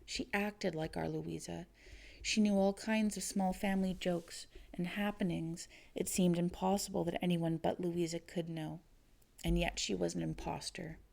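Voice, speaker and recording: Woman doing a solemn dad, measured and reproachful, dark gravelly tone. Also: lowish voice, steady tone. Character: grave, gentle father, stern toward an impostor.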